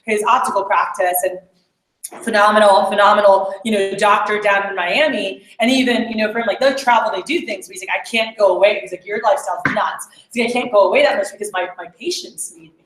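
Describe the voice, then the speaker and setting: A woman's voice: medium pitch, fast talker, hardly any pauses, fairly bright tone. A woman leading a meeting, telling stories in a casual, chatty way with lots of fillers. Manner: chatty storytelling with many fillers. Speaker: sales team leader addressing a meeting. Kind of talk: casual motivational talk. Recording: echoey room.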